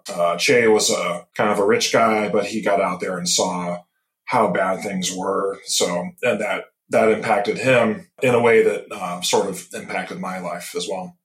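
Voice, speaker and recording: A man in his fifties from Michigan, a guest on an interview podcast, telling stories in a relaxed, rambling way with many pauses and restarts. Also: lowish voice. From Michigan, USA. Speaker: guest, tropical medicine specialist. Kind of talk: casual interview chat. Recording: roomy echo.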